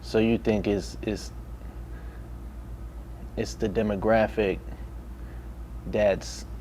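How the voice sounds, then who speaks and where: A man's voice: lowish voice, level tone, extremely slow, mellow, slight background noise. A man in a casual podcast chat, mostly reacting briefly and asking easygoing follow-up questions. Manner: laid-back, short reactions and questions. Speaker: podcast co-host.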